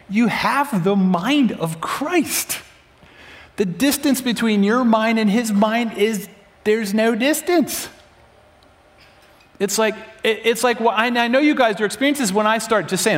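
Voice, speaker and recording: A man preaching a sermon in a lively, conversational way, often acting out voices in quotes. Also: high-pitched, long reverb tail. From United States.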